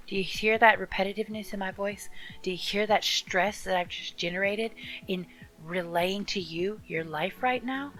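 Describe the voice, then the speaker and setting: A woman reads tarot in a casual, heartfelt way, talking straight to her viewer with earnest encouragement. Her pitch sits in an ordinary middle range, and soft music plays faintly underneath. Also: normal speed, low-quality recording. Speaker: tarot reader. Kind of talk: casual tarot reading to camera.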